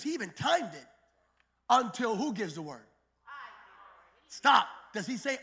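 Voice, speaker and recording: A man preaching a sermon in a church, swinging from quiet storytelling to shouted, fired-up climaxes. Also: very high-pitched, sing-song, unhurried, gravelly, pauses often. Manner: preaching with sudden shouted climaxes and acted-out quotes. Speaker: pastor.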